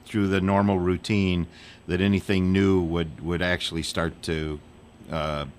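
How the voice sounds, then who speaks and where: A man's voice: sits low, level tone, a little slow. A man co-hosting a radio show, asking brief prompting questions. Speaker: radio co-host. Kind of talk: casual radio chat.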